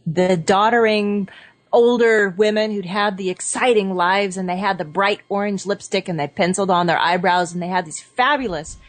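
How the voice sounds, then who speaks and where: A woman's voice: mid-range voice, moderate pace, no room sound. A woman who is a guest on a radio show, chatting playfully and laughing easily. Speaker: guest, energy-work teacher. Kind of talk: casual radio chat.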